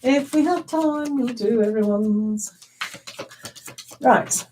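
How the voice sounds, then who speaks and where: A woman's voice: a little high, slow pace, recorded from a distance, background noise. A woman giving live tarot readings in a chatty, giggly way, with many ums and restarts. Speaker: tarot reader.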